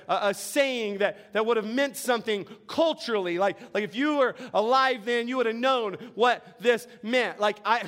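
A man's voice: sits high, a bit bright. A man preaching a sermon in a conversational way, often laughing and asking the congregation questions. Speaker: pastor.

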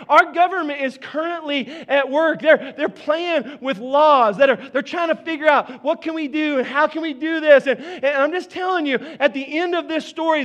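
A man's voice: extremely high pitch, muffled recording. A man preaching a sermon as pastor, talking conversationally and addressing the congregation directly.

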